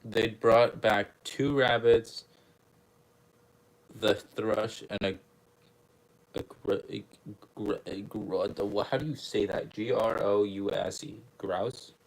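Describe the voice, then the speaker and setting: Slow, low-voiced young man reading aloud. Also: steady tone, rough recording. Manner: stumbling, self-correcting, laughing asides. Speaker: channel host reading aloud. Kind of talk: casual read-aloud with commentary.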